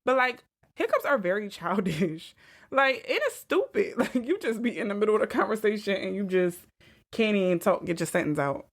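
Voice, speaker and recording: A young woman co-hosting a casual would-you-rather chat, animated and playful, laughing often. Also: mid-range voice, moderate pace. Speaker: co-host.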